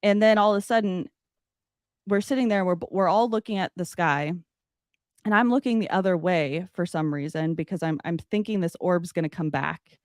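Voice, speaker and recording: A woman telling a personal story as a podcast guest, animated and loose, with many "like" fillers. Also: on the low side, moderate pace, no echo, clean studio sound. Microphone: podcast studio mic.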